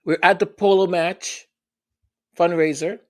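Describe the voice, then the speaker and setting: Slow, sarcastic royal commentary host. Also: mid-range voice, fairly even intonation. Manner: sarcastic, rhetorical questions, emphatic. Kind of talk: opinion commentary.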